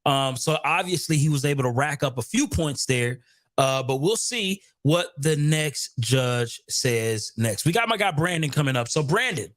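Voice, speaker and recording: Energetic man hosting a live stream. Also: on the high side, moderate pace, no room sound, studio quality. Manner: energetic, chatty, repeats himself. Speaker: host.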